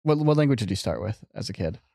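A male podcast host asks curious, friendly questions in a casual interview. His pitch moves around a lot, and the sound is close and dry. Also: big pitch swings, fast, gravelly, dark tone, no room sound. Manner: curious questioning with easy laughter.

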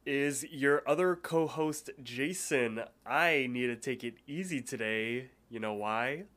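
A man's voice: medium pitch, slow, fairly bright tone. A man co-hosting a podcast in casual chat, with a stuffy, blocked nose and a rambling way of talking. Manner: rambling, lots of fillers and restarts. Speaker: podcast co-host.

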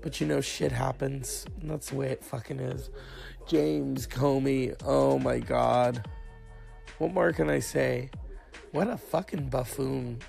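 Gravelly, profane man ranting with a cough. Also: mid-range voice, a little mellow. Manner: profane, sarcastic, rambling. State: sick with a cough. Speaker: host of a solo talk stream. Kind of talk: casual rant.

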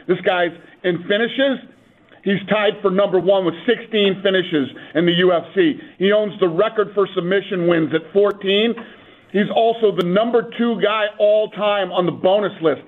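A man calling in as a guest on a radio show, talking up fights with brisk enthusiasm and reeling off stats. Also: sits high. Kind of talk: phone-in radio interview. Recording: tinny phone line.

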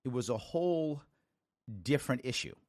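A man in his forties from the Bronx, hosting a talk show and telling stories with lively quoted voices. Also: medium pitch, normal speed, dry recording, studio quality. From New York (the Bronx). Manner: animated storytelling with quoted voices.

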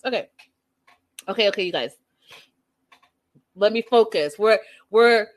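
A woman hosting a casual live-stream recap, chatty and animated, talking straight to her viewers. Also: a little high, unhurried, long pauses. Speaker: reality show recap host.

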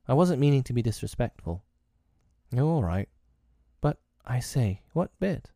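A man's voice: mid-range voice, very animated, a little slow, vocal fry, warm tone, dry recording, studio quality, pitched above the performer's own voice, heavily acted. A man doing a wide-eyed nervous young boy. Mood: eager.

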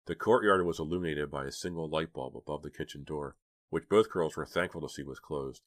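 Deep-voiced man reading a story. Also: fairly quick, no echo, clean studio sound. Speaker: audiobook reader. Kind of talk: audiobook narration.

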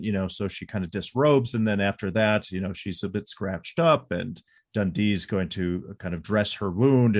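Man, 40s, husky, podcast co-host, candid casual chat. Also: on the low side. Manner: chatty, candid, laughs easily. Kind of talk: casual movie review chat.

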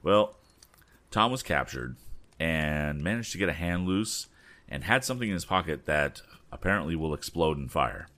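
A man reading a story aloud with relaxed, chatty asides. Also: normal speed. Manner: voices the boys' lines with raised pitch. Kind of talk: casual read-aloud narration with asides.

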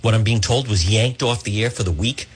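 A man's voice: lowish voice, fairly quick, breathy edge. A male talk radio host delivering a combative, emphatic monologue, often stumbling and restarting mid-sentence.

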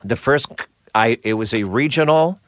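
A middle-aged man from New Jersey, a voice actor, telling stories in a casual interview with crisp, clipped enunciation and a slight Jersey edge. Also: mid-range voice, normal speed, no echo, clean studio sound. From New Jersey, USA. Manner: animated storyteller, slips into voices. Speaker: voice actor guest.

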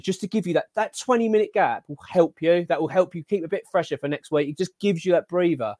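A man's voice: sits high, quick pace, hardly any pauses, dry recording, clean studio sound. A man, hosting a casual football podcast and ranting animatedly, stumbling over his words. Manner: animated, ranting, filler-heavy. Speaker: podcast host.

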